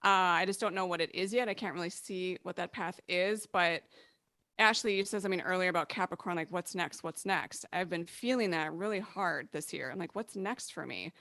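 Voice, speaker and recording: A woman astrologer chatting casually on a podcast, laughing often and acting out quick quoted remarks from clients. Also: fairly low pitch, a bit bright, no room sound, studio quality.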